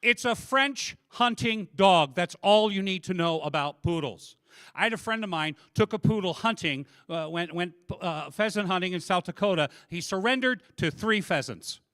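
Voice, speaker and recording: A man runs a stand-up set, chatting with audience members and dropping deadpan punchlines. His voice is bright and sits a little high, and it is recorded dry and close on a handheld mic. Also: normal speed, no echo. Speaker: stand-up comedian. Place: convention comedy room.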